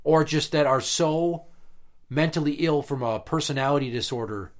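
Speaking at a normal speed in a slightly high voice, this man is a podcast guest sharing work stories. In casual chat, he rants about a former job in blunt, profane terms, hitting words with heated emphasis.

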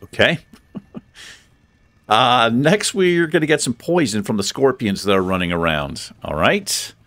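A man's voice: mid-range voice, expressive, a little slow, a bit bright, no room sound. A man hosting a let's play, chatting casually and thinking aloud with a self-deprecating streak as he plays. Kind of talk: casual gameplay commentary.

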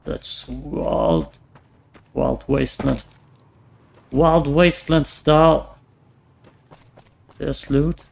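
A man casually commenting on his own gameplay, muttering to himself and swearing often, his voice getting hoarse. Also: mid-range voice, big pitch swings, very slow, long pauses, a little mellow. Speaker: let's play gamer.

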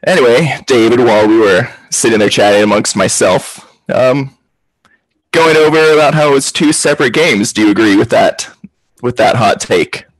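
A man's voice: mid-range voice, moderate pace, no room sound, poor audio. A man hosting a casual football chat over a video call, chatty and rambling. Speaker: podcast host.

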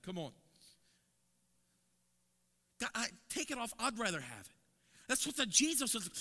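An impassioned male evangelist preaching a sermon. His voice sits high and cuts brightly through the room, which rings with a long church reverb. He repeats words and climbs to loud, emphatic peaks. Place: church sanctuary.

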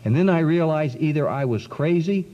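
A man giving an earnest, dramatic spoken testimony to an audience, with long pauses and sudden swings in pitch. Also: expressive, mellow. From South Carolina. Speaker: speaker giving a testimony talk. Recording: dull lo-fi 1990s recording in a long-echo hall.

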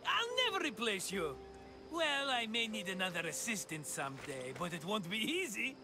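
Showy boastful middle-aged schemer, super high swoopy voice, game music behind. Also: male voice, very animated, normal speed. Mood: theatrical. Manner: theatrical, boastful. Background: game score.

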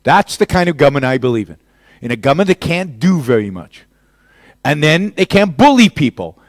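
A man's voice: a little high, big pitch swings, fairly quick, no echo. A man giving a public lecture and answering questions, arguing emphatically with rhetorical questions. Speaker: guest lecturer.

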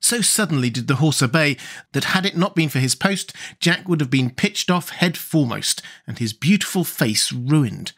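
A man reading a children's fantasy storybook aloud as an audiobook narrator, measured and expressive. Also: on the high side, breathy edge.

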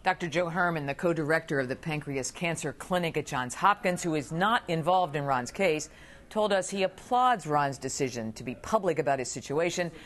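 A woman TV news reporter delivering a measured, composed report. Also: low-pitched, animated.

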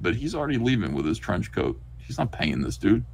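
Man, comic review host, lively swinging pitch, animated casual chat. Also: a little fast, creaky. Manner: animated, reads comic dialogue aloud in acted voices.

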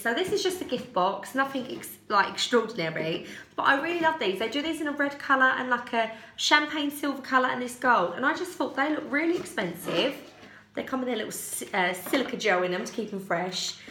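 A young woman chats her way through a haul in a casual, rambling manner, often stopping to correct herself. Her voice is bright and a little high. The room around her rings with echo. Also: a little hiss or hum. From United Kingdom. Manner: chatty, rambling, self-correcting with giggles. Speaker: haul vlogger. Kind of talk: casual chat. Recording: echoey room.

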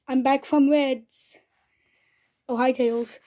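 A woman voicing characters in a homemade toy-figure play video, speaking haltingly with fillers and restarts. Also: sits high, steady tone, mellow. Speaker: creator voicing all the characters.

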